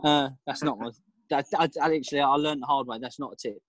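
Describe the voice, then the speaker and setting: Husky dad on a podcast. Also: male voice, mid-range voice, fairly even intonation, fast talker, low-quality recording. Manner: reflective, laughing, hesitant restarts. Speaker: podcast guest, father. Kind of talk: casual interview chat.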